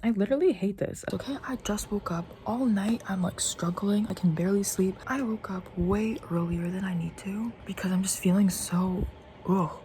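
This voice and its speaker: A woman's voice: medium pitch, normal speed, mellow, slight background noise. A young woman vlogging about her own life, frank and tired, swearing often and at times dropping to a whisper. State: tired and in pain. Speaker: art vlogger. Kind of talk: personal vlog rant.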